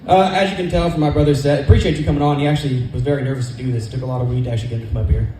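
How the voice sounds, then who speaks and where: A man's voice: mid-range voice, steady tone, mellow, echoey room, a little hiss or hum, low-quality recording. A man from California doing a rambling, profane stand-up set at a comedy club open mic, speaking into a stage microphone. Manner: rapid, profane, rambling storytelling.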